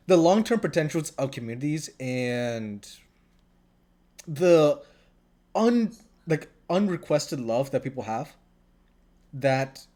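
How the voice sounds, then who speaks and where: A man's voice: medium pitch, mellow. A man co-hosting a podcast in casual chat, leaning heavily on "like" and teasing his co-host. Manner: lots of "like" fillers, teasing.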